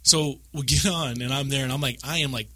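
A man chatting casually on a podcast, rambling and animated as he acts out bits of his stories. His voice is bright and forward. The sound is dry and close, with no room around it. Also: medium pitch, brisk, no room sound. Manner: rambling, animated storytelling with acted-out quotes. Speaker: podcast co-host. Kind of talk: casual chat about a video game.

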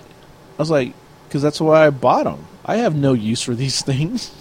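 A man's voice: fairly high pitch, big pitch swings, a little slow, a little mellow, a little hiss or hum. A man chatting casually, telling a long story and acting out both sides of an argument. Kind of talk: casual chat.

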